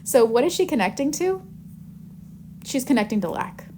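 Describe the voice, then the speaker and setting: Chatty, animated woman coach. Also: sits high, moderate pace, a little hiss or hum. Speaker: manifestation coach. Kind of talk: live Q&A teaching.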